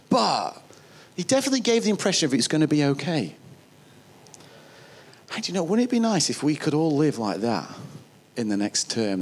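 A man with a northern English accent, preaching a sermon in a chatty, storytelling way that often restarts phrases. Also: mid-range voice. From northern England. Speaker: pastor.

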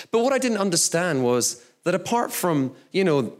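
A man's voice: on the high side, expressive, moderate pace. A man preaching a sermon, in a conversational, chatty manner with frequent fillers. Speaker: pastor.

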